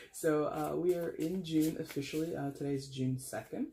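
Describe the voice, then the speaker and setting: A tarot reader hosts a casual reading for his viewers, calling them "guys" and rambling chattily while correcting himself along the way. His voice is fairly high, gravelly, and mellow, a little slow, with slight background noise.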